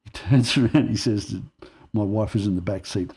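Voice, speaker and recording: Telling personal anecdotes in conversation, an Australian man on a podcast acts out each bit of dialogue with animation. His delivery is brisk, and his lowish voice has a husky quality.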